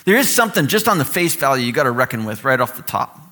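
A man preaching a sermon in a conversational, animated way, acting out the voices he quotes. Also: mid-range voice, fast talker. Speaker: pastor.

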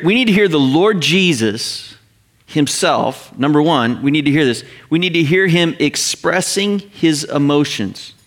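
A middle-aged pastor with a voice on the high side preaches to his church in a conversational, animated style, frequently acting out the voices of the people he quotes.

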